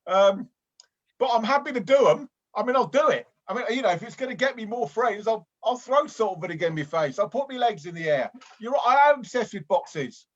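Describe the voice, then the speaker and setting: A man's voice: high voice, animated, brisk, lo-fi sound. A man voicing a hapless, lonely amateur boxer who rambles earnestly with many restarts, improvising comedy over a video call. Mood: eager. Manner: hesitant and rambling, full of restarts. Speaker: improv performer.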